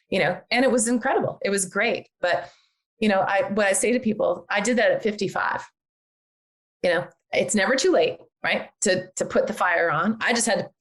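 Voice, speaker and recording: An older woman chatting as a podcast guest, animated and chatty, with frequent fillers. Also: medium pitch, creaky. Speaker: guest, real estate agent and investor. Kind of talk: casual podcast interview.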